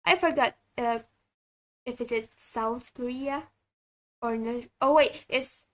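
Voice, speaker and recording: High, slow-talking woman. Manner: halting, chatty. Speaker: streamer. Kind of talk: casual stream self-introduction.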